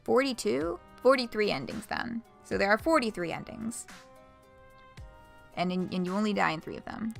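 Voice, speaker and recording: Gravelly-voiced woman streaming a game. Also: medium pitch, normal speed, faint music behind. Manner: chatty, laughs often, swears freely. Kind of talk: casual let's-play commentary, reading a game aloud.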